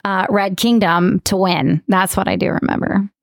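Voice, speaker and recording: A playful, talkative woman co-hosting a casual podcast. Her pitch is mid-range, and the sound is dry and close to the mic. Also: fairly even intonation, normal speed, creaky, no room sound. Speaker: podcast co-host. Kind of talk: casual banter.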